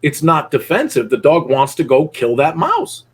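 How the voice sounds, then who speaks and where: A middle-aged man coaches a dog-training student in a blunt, profane way. His voice is husky and sits a little high, and he slips into voices for dogs and people as he explains. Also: wildly swooping pitch, normal speed. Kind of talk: live coaching session.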